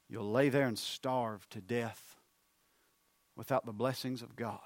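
A man preaching a sermon, moving from hushed storytelling to loud, fervent appeals. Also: medium pitch, fairly even intonation, a little slow, pauses often, no room sound.

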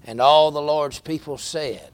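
A man's voice: fairly high pitch, fairly even intonation, measured pace. A middle-aged man with a Southern American accent, preaching a sermon in a folksy storytelling way. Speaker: pastor.

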